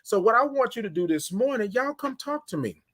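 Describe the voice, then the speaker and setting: A high-pitched man hosts a casual morning livestream. He talks in an animated way, calls out viewers by name and stretches his greetings out long. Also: a little fast. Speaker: livestream host.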